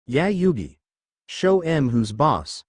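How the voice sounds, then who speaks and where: A man voicing a loud, rowdy young male duelist in a storybook reading. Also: medium pitch, big pitch swings, normal speed, no echo, studio quality. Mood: brash. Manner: rowdy, yelling.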